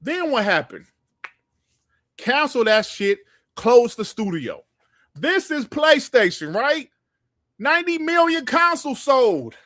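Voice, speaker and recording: A man hosting a gaming podcast livestream, ranting in a heated, profane and animated way. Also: very high voice, takes it slowly, long pauses, dry recording, studio quality. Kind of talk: livestream commentary rant.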